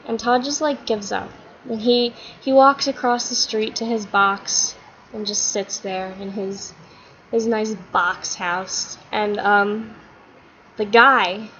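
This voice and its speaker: A chatty woman vlogger rambles through a silly story, her voice a little high. The recording is slightly muffled, with a faint hiss underneath. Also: fairly bright tone.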